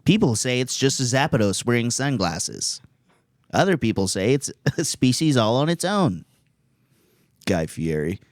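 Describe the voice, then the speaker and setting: A man's voice: mid-range voice, very animated, moderate pace, dry recording, studio quality. A man hosting a podcast, riffing crude comedy bits with lots of laughter. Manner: loud laughing, riffing bits in silly voices. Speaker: podcast host.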